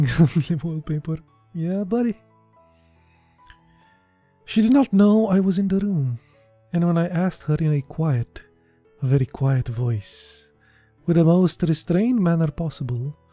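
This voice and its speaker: Dark-voiced Romanian man reading slowly. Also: fairly high pitch, no room sound. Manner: slow, deliberate reading that breaks off into laughing chat. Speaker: reader of a short story. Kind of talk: unpolished reading aloud with chatty asides.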